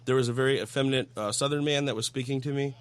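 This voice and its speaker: A man, a bartender and regular on a podcast, telling an animated story in casual chat with frequent restarts. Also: mid-range voice, smooth. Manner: animated, quick anecdotal delivery with restarts.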